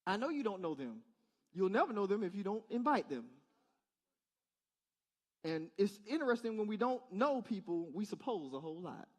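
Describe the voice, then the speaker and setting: A man's voice: sits high, big pitch swings, normal speed, pauses often. A male pastor giving a conversational sermon in church, asking the congregation rhetorical questions in a casual, direct way. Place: church service.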